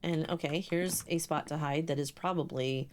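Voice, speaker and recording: A young woman streaming a ghost-hunting game live, talking to her chat in an excitable, swearing, chatty way. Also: deep voice, normal speed, a little hiss or hum. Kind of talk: live gameplay commentary.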